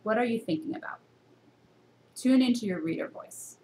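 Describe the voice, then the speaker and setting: Recording a lecture to a camera for her university reading course, a woman poses many rhetorical questions to her students in a teacherly way. She speaks at a moderate pace, jumping expressively in pitch to stress her points.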